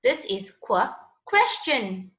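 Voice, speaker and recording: A woman's voice: on the high side, sing-song, slow pace, a bit bright. A woman teaching a children's phonics lesson in a patient, sing-song voice. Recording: echoey, dull lo-fi room sound.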